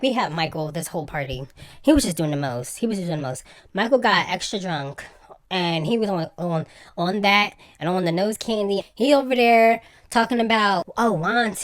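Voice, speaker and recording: Animated woman ranting about reality TV. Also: medium pitch. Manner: animated, exasperated, acts out quotes in mock voices. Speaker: reality TV commentator. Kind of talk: casual recap rant.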